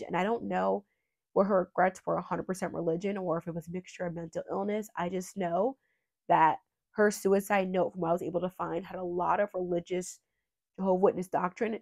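A woman runs a true crime channel and speaks earnestly and emotionally, her voice pitched on the low side. She sometimes fights back tears and rambles, filling gaps with fillers.

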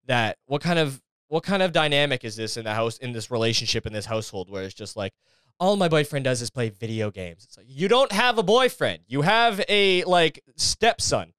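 A man's voice: on the high side, very animated, normal speed, hardly any pauses, a bit bright, clean tone, dry recording, clean studio sound. A young adult man hosting a podcast, delivering a sarcastic, exasperated and profane comedic rant. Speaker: podcast host.

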